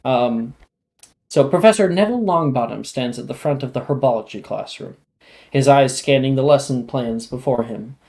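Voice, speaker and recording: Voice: mid-range voice, normal speed, darkish tone. A game master narrating a tabletop game in a casual, rambling way. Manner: casual, rambling with fillers and laughs.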